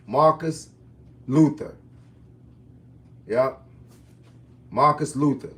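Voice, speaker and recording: A man's voice: on the high side, drawn-out words, a bit bright, far from the mic. A man in his fifties, a fitness and boxing coach, answering viewers' questions on a live stream in casual, folksy slang. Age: 50s.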